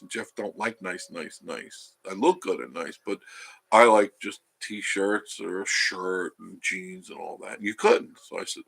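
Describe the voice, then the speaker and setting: A man's voice: deep voice, vocal fry, a bit bright. A man hosting a live stream from home, rambling through a story and reading out chat comments. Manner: rambling, chatty, self-interrupting.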